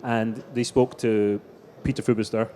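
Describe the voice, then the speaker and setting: A middle-aged racing driver, a guest in a live stage interview, tells anecdotes in an unhurried, lowish voice that's warm and steady. He restarts his sentences often, and there's a little hiss or hum on the recording.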